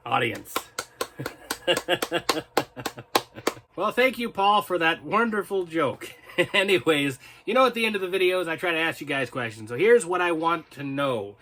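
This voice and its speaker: A man's voice: fairly high pitch, lively intonation, measured pace, pauses often, sharp tone, a little hiss or hum. A man hosting his own video channel, reading viewer comments and rambling in a casual, chatty, self-mocking way. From North Carolina, US. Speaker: video host.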